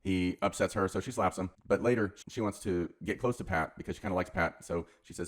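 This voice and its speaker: Fast-talking deep-voiced man recapping a film. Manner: rambling, offhand, slangy narration. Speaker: channel host retelling a film. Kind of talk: casual comedic film recap.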